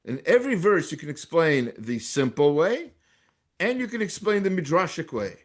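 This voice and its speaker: Speaking at a normal pace in a fairly high, very animated voice, an American man teaches Torah as a rabbi. Hebrew texts are read out and translated, with many restarts along the way.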